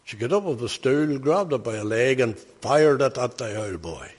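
A man's voice: medium pitch, animated, normal speed, husky, long reverb tail. An older man, preaching by telling stories in a folksy, anecdotal way that rises to emphatic bursts. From Northern Ireland. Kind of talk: sermon storytelling.

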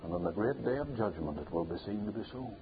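A man preaching a sermon, hammering points home through repetition and building to loud peaks. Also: lowish voice, animated, fast talker. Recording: tinny phone-like sound with faint hiss.

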